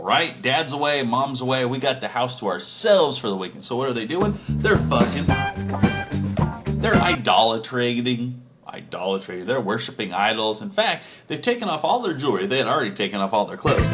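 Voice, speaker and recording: A man's voice: mid-range voice, a bit bright. A man telling a crude, profane comedic story in a rambling, casual way.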